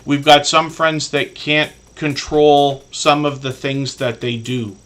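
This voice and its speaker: Male live stream host, bright tone, casual rambling delivery with fillers, earnest. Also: a little high, flat delivery, takes it slowly.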